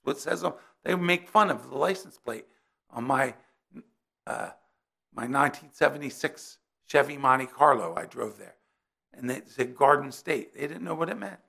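A man's voice: mid-range voice, lively intonation, normal speed, creaky, sharp tone, husky. A middle-aged man from New Jersey preaching a sermon in a conversational way, weaving in personal stories.

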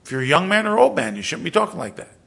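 Gravelly, bright-voiced male preacher. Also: high voice, expressive, racing. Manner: exhorting, rising to emphatic bursts. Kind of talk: sermon.

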